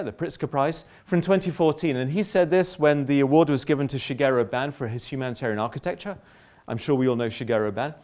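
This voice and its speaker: A middle-aged man giving a public lecture, polemical and lively, often breaking off into asides and restarts. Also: medium pitch. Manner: animated, polemical, self-interrupting with asides.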